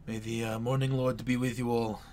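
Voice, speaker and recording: A man's voice: medium pitch, flat delivery, a little fast, a little mellow, slight background noise, close to an everyday voice. A man voicing a tired, stern priest in a tabletop game, speaking in a terse, guarded way. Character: weary, stern male priest of a ruined church.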